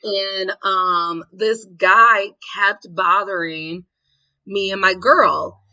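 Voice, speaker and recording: A woman's voice: mid-range voice, fairly even intonation, extremely slow, sharp tone, highs cut off. A woman co-hosting a podcast, telling bawdy stories with giggles and acted-out quotes. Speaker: podcast co-host. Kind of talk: candid storytelling chat.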